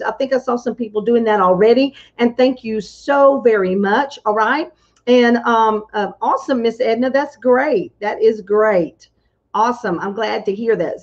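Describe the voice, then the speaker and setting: Chatty woman minister greeting viewers. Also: on the high side. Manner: chatty, greets viewers one by one, frequent hallelujahs. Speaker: prophetess and minister. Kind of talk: casual livestream greeting. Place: hotel room. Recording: dull lo-fi livestream audio.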